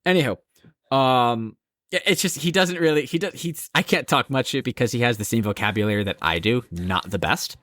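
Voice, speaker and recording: A man co-hosting a podcast in casual chat, telling a story in an animated, profane way. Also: mid-range voice, a little fast, no echo, clean studio sound. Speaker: podcast co-host.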